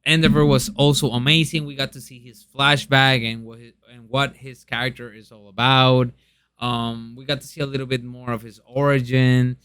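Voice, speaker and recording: A man's voice: mid-range voice, level tone, moderate pace, fairly bright tone, clear, resonant tone. A young man chatting casually and eagerly in a review, with lots of ums and restarts. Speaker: manga reviewer.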